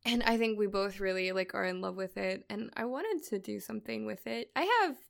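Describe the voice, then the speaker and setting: A woman's voice: mid-range voice, a little fast, vocal fry. A woman co-hosting a podcast in casual chat, chatty and often laughing as she tells stories. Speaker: podcast co-host.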